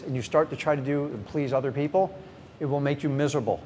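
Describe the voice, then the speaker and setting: A middle-aged man, a real estate coach, teaching a live seminar with energy and speaking straight to the audience. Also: fast. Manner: energetic, talks straight to the crowd. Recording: reverberant hall, faint rumble.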